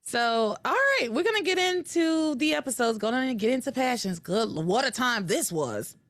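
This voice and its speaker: A woman hosting a podcast, recapping episodes in casual chat with animated storytelling and frequent laughter. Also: fairly high pitch, moderate pace, dry recording. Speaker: podcast host.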